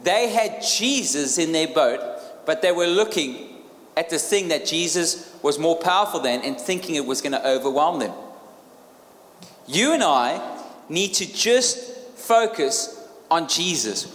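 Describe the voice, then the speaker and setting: A man's voice: a little high, lively intonation, measured pace, a bit bright. A man preaching a sermon in an emphatic manner, repeating key phrases and asking the crowd questions. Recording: echoey hall with long reverb.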